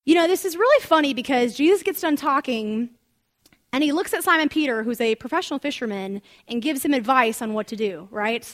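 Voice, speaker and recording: A woman teaching from the Bible in an animated, conversational sermon full of asides. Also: sits high, fairly quick. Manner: animated, chatty storytelling with asides.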